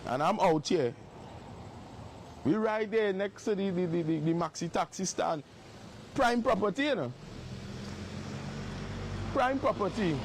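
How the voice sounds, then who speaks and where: A man's voice: high-pitched, a little hiss or hum. A man livestreaming from outdoors on his phone, making repeated, emphatic accusations. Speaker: live-stream host. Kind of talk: livestream exposé. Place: outdoors by a property.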